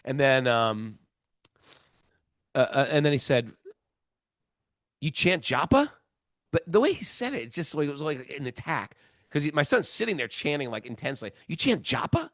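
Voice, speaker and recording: Animated middle-aged man telling a story. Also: medium pitch, fairly quick, no room sound, clean studio sound. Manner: animated storyteller, acting out quotes, laughs often. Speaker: podcast host. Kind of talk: casual storytelling on a spiritual podcast.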